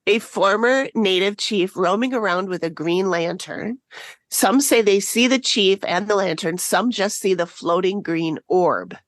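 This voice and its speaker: A woman's voice: mid-range voice, unhurried, dry recording. A woman co-hosting a casual podcast, telling a story in a chatty way and laughing often. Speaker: podcast co-host. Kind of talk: casual chat.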